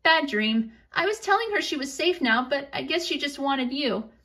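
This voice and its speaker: A gentle mother from a storybook, voiced by a woman, soft and comforting, her talk lilting up and down. Her voice is bright and high. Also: expressive, normal speed. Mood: soothing. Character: warm, soothing mother figure.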